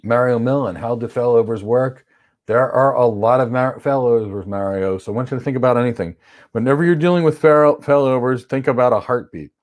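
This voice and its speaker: A man runs a livestream lesson, answering viewer questions about cloud architecture in a blunt, opinionated way. His voice sits at a typical middle pitch for a man. He sometimes acts out quick examples in playful voices. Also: a little mellow. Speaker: cloud certification instructor. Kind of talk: livestream Q&A teaching.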